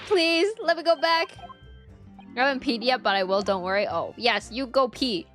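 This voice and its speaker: A woman streaming a game, chatting excitably with her viewers, her voice tired and worn. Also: fairly high pitch, fairly quick, soft background music. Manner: excitable, chatty with chat, self-mocking. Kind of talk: casual chat while gaming.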